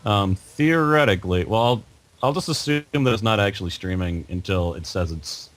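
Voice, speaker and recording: A man with a fairly low voice chats on a gaming podcast over a voice call. He rambles and hesitates in a relaxed, easygoing way. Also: moderate pace. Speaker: podcast co-host running the stream. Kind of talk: casual podcast chat.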